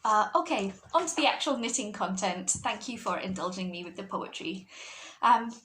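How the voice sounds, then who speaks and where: A woman's voice: medium pitch, expressive, moderate pace, a bit bright, slight background noise, rough recording. A woman hosting a knitting podcast, chatting casually to camera from a room at home in a rambling, digressive way.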